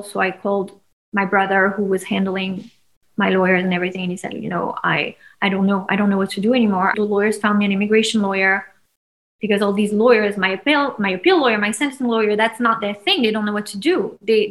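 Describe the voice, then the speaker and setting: A woman's voice: medium pitch, brisk, low-quality recording. A woman in her thirties from France, a guest telling a personal story with feeling and acting out what others said. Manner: animated, acts out quoted voices with sudden loud peaks. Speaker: interview guest.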